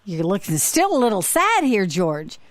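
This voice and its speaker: A woman voicing an excited, nosy male friend who exclaims and rises with astonishment. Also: mid-range voice, normal speed, dry recording. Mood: amazed.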